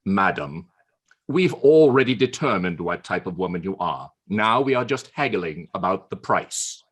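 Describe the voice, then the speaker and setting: A man's voice: sits low, expressive, measured pace, breathy edge, pitched below the performer's own voice, full character voice. A man voicing a witty older male statesman with a dry, cutting delivery in a humorous speech. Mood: sly.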